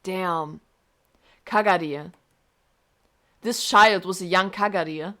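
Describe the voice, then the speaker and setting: A woman streamer reading a game aloud and reacting with emotional, expressive comments. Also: fairly low pitch, slow.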